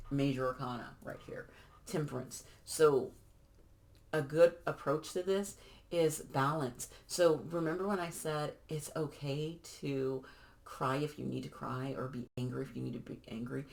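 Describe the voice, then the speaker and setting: A tarot card reader giving a casual reading straight to viewers, chatty and encouraging, with frequent restarts and fillers. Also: medium pitch.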